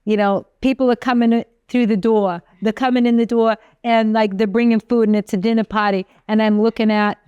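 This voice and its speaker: Woman chef, podcast co-host, chatty rambling storyteller, smooth crisp voice, dry close mic. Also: a little high, a little fast, few pauses, dry recording, dull audio. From from an Italian American family. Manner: chatty, animated storyteller, trails off mid-sentence. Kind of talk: casual chat.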